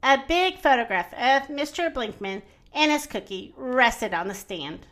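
A woman reading a children's storybook aloud, gentle and expressive, slowing down for emphasis. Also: sits high. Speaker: reader.

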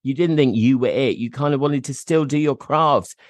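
A man's voice: medium pitch, normal speed, no room sound, clean studio sound. A man hosting a casual interview, answering his guest with encouraging, enthusiastic reactions. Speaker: host.

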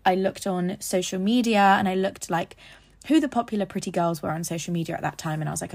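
A woman's voice: lowish voice, steady tone, fast talker, vocal fry, a little mellow. A young woman hosting a podcast, talking in a chatty, rambling way and correcting herself as she goes. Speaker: podcast host. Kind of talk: casual podcast monologue.

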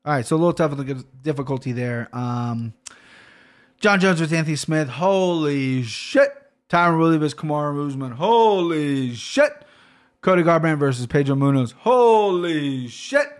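A man hosting a solo podcast, ranting in a rambling, profane and excitable way into a studio podcast mic at a home recording setup. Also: medium pitch. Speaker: podcast host.

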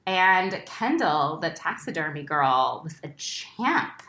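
A chatty woman co-hosts a casual show recap, her voice slightly low but bright and lively, swinging up and down as she talks. She laughs easily and leads each new topic. The room gives her a noticeable echo. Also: takes it slowly, slight background noise. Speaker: podcast co-host. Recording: roomy echo.

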